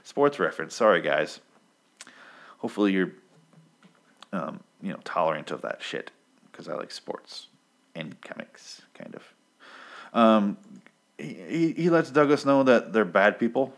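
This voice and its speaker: Very deep-voiced man rambling casually. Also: measured pace, pauses often. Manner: profane, rambling, animated quoting of characters. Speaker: comic book reviewer. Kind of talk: casual recap talk.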